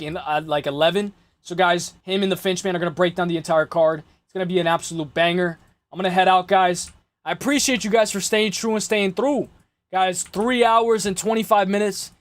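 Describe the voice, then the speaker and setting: A man's voice: sits high, no room sound. A young man hosting a casual livestream chat with slangy, rambling talk, his voice a little worn out, constantly repeating "guys". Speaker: livestream host.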